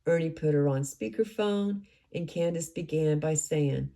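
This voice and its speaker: A woman's voice: low voice, unhurried, mellow. A woman narrating a true-crime case recap, recounting events and quoting what others said.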